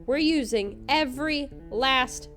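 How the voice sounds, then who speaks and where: A woman's voice: sits high, a bit bright, faint music behind. A woman hosting a podcast, narrating a scripted comedic recap in a wry, sarcastic way. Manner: wry, sarcastic, quick to laugh. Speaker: podcast host.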